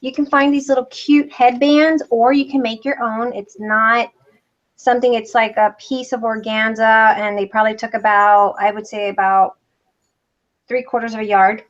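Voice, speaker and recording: A woman's voice: on the high side, level tone, normal speed, highs cut off. A woman hosting a live craft demonstration, chatting casually as she explains each step. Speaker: craft tutorial host.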